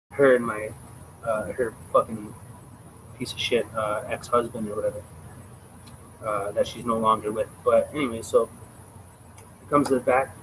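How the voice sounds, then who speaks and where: Guy streaming live, mid-pitched voice, blunt and foul-mouthed storytelling, faint ambient hiss behind. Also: fairly bright tone, poor audio. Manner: profane, blunt, street slang. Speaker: livestreamer.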